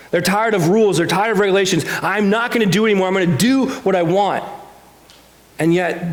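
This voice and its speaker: A man's voice: high voice, reverberant. A man preaching a sermon in church, talking conversationally and asking rhetorical questions. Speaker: pastor. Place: church sanctuary.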